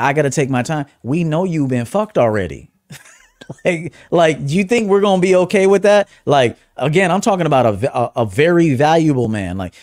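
Blunt man, dry close sound. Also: no room sound. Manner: blunt, swings from low asides to loud emphatic bursts. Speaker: dating coach and livestream host. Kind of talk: casual livestream monologue.

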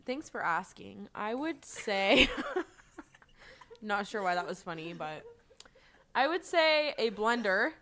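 A woman's voice: mid-range voice, lively intonation, slow pace, bright, forceful tone. A woman guesting on a podcast, chatting casually and laughing often as she jokes. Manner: giggly and playful, laughs often.

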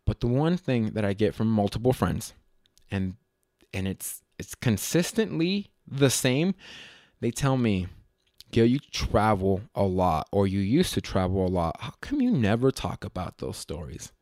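A man's voice: dry recording, studio quality. Chatty man rambling through stories. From Las Vegas. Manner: rambling, self-correcting, animated with quick jumps in pitch. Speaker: podcast host. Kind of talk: casual solo podcast storytelling.

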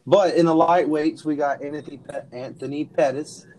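A man's voice: fairly high pitch, steady tone, moderate pace, dark tone, slight background noise, low-quality recording. A man co-hosting a casual podcast, joking around and stumbling over hard names. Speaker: podcast co-host.

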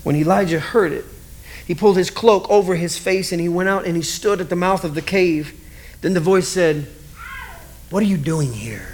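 Male pastor, 40s-50s, casual animated sermon delivery, high pitch. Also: moderate pace, slight background noise. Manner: conversational, animated, acts out scenes.

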